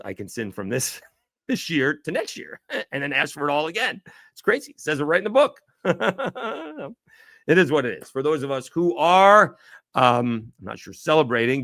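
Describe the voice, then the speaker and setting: A man's voice: fairly low pitch, fairly bright tone, no echo, clean studio sound. A man hosting a sports podcast alone, talking casually and rambling, often correcting himself as he thinks aloud. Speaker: podcast host. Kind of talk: casual solo sports talk.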